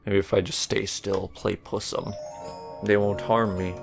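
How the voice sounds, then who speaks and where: A man doing casual gameplay commentary, rambling and jokey, a bit burpy as he talks, jumping to loud high yelps when startled. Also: level tone, a little slow, creaky, faint music behind. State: burpy while talking. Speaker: let's player.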